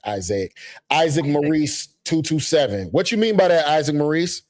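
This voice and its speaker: A man's voice: a little high, big pitch swings, moderate pace, a little mellow. A man co-hosting a live TV recap stream, talking in a slangy, laid-back way and reading viewer comments aloud. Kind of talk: casual live chat.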